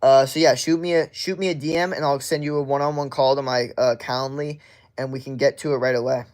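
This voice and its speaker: A man's voice: medium pitch, fairly even intonation, fast talker, darkish tone. Rambling young male fitness coach. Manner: rambling, filler-heavy advice with acted quotes. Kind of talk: casual livestream chat.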